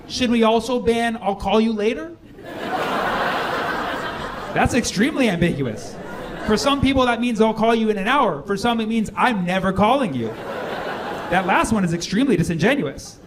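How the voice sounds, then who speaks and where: On a comedy club stage before a live audience, a man with a high-sitting voice performs a stand-up routine. He's playful and ironic, firing off quick asides and slipping into acted-out quoted voices. The live club recording has a noisy background and crowd laughter.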